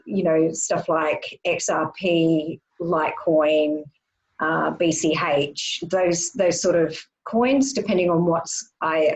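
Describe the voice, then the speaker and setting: A woman's voice: on the low side, darkish tone, poor audio. A woman talking casually as a guest trader, chatty, with many fillers and restarts. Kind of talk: casual chat.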